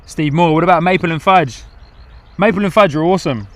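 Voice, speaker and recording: A man's voice: a little high, a little fast, dry recording. A man hosting a live plane-spotting stream outdoors at an airport, commenting on planes in a chatty way and reading out viewer comments with frequent laughs.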